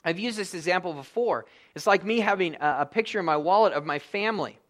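A man's voice: high-pitched, fast, fairly bright tone. A middle-aged man preaching a sermon as pastor, earnestly explaining scripture and pressing rhetorical questions.

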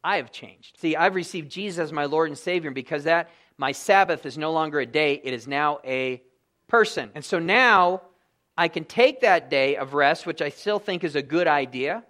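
High-voiced male pastor preaching earnestly. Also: lively intonation, moderate pace, pushed and bright. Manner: earnest, explaining scripture with rhetorical questions. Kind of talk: sermon.

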